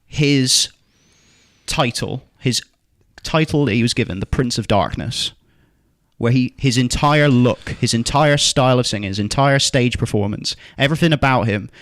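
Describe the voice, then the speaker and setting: A man's voice: medium pitch, moderate pace, a bit bright, dry recording, clean studio sound. A man hosting a podcast debate, arguing passionately with plenty of swearing and emphatic repetition. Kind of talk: casual debate chat.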